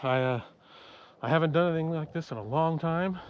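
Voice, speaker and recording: A man's voice: on the high side, brisk, highs cut off, a little hiss or hum. Winded man vlogging on a trail. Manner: chatty, self-talking while walking uphill. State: out of breath. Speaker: outdoor vlogger. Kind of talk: casual hiking vlog. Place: outdoor hillside trail.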